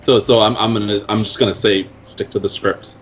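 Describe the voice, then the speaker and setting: A man's voice: fairly low pitch, fairly even intonation, brisk, highs cut off, slight background noise. A man playing a tabletop game with wry, swearing banter. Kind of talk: casual play over a call.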